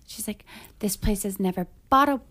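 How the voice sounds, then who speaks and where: A woman co-hosting a casual chat, chiming in with plot details and quick asides. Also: mid-range voice, a bit bright. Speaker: podcast co-host. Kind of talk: casual chat recapping a movie.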